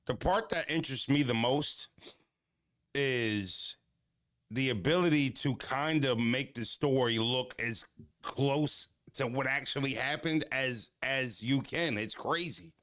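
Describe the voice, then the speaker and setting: A man casually telling stories in an animated, profane, slangy way. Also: medium pitch, slow, no room sound, studio quality. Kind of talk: casual storytelling. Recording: music playing clearly behind.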